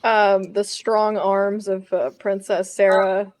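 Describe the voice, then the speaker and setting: A woman's voice: medium pitch, level tone, slow, a little mellow. A woman player reacting in casual chat, amused by what she hears.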